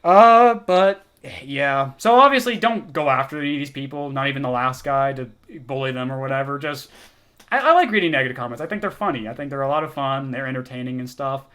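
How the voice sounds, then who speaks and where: A man's voice: medium pitch, animated, fairly quick, a bit bright. A young man ranting in a comment reaction vlog, exasperated and sarcastic, swearing a lot. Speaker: video essayist.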